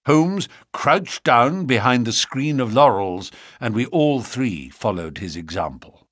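A man narrating an audiobook of a classic novel in a steady, expressive storytelling manner. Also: mid-range voice, slow, hardly any pauses, no echo, studio quality.

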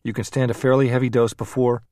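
A man voicing a grim, calm male scientist who speaks quietly and clipped, growing urgent. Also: mid-range voice, fast talker, no room sound, studio quality, voice pushed up, lightly acted.

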